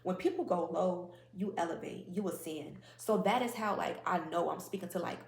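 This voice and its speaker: A woman's voice: lowish voice, moderate pace, creaky. A woman giving a casual spiritual oracle card reading in a rambling, conversational way, with many fillers and asides. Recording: echoey room, faint noise.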